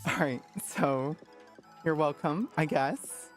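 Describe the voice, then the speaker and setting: A woman's voice: deep voice, expressive, takes it slowly, soft background music. A woman streamer chatting casually and playfully, often laughing at herself. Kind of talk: casual livestream chat.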